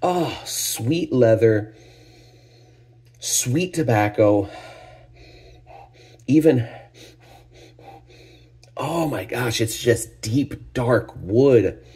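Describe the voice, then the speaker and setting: A man's voice: mid-range voice, animated, very slow, long pauses, warm tone, slightly rough. A man hosting a casual tequila tasting review, talking enthusiastically and exclaiming over each aroma. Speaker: tequila reviewer, channel host.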